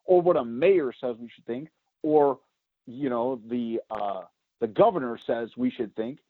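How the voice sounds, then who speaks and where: Loud, emphatic man on a tinny line. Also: mid-range voice, no room sound. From United States. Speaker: podcast co-host. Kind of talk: opinionated political podcast talk. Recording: tinny phone-like sound.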